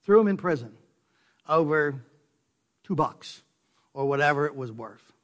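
An unhurried, expressive male pastor preaches with emphasis and many rhetorical questions. He lowers his voice to soft asides, then rises to loud, stressed declarations.

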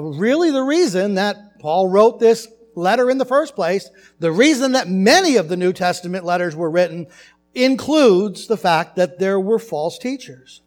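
A male pastor with a fairly high voice preaches from his church, mixing stories and scripture in a conversational way. Faint music sits far behind him. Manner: conversational storytelling, animated asides. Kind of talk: sermon. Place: church sanctuary.

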